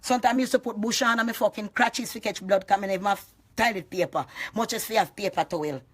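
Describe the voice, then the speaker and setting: A woman with a Jamaican accent speaks in heavy patois, swearing freely and rambling through an emotional live-stream rant, with loud bursts and laughter. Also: medium pitch, fast, slightly rough. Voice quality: heavy patois, frequent cursing. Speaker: vlogger.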